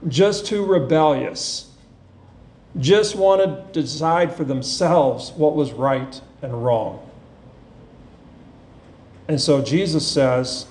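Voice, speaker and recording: A man preaching a sermon, earnest and unhurried, reading scripture with feeling. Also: fairly high pitch, darkish tone, a little hiss or hum. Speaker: pastor. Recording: echoey room with faint ambience.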